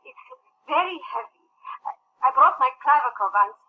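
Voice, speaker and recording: A meek, eager-to-please wife. Her voice sits fairly high and moves through a lively range. The audio is thin and phone-like, with faint noise. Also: normal speed. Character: meek accented wife working a casino.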